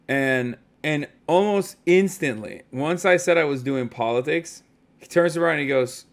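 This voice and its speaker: A man in his thirties telling stories as a streamer in a casual, animated, profane way. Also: mid-range voice, brisk. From United States. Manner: animated, profane storytelling with frequent asides. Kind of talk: casual chat.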